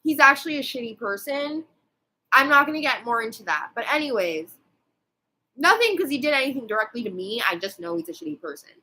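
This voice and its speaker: Twenties woman, bright, slightly high voice; rambling, sweary vlog rant full of fillers. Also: animated, a little fast, rough recording. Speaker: vlogger.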